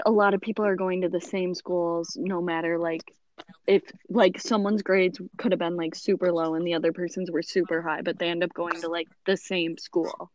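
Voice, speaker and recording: A woman's voice: lowish voice, no room sound. A teenage girl co-hosting a casual podcast chat, rambling with lots of fillers and giggles. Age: teens. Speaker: podcast co-host.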